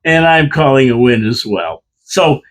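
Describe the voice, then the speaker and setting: A man's voice: mid-range voice, sing-song, measured pace. A man co-hosting a casual hockey chat from a radio studio, making emphatic, confident predictions. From Canada. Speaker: podcast co-host.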